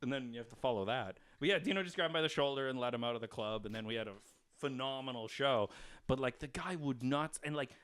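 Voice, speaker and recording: A man hosting a comedy podcast, originally from Canada, telling animated stories and acting out hecklers in casual chat. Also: mid-range voice, fast talker, clear, resonant tone. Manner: animated storyteller, acts out hecklers.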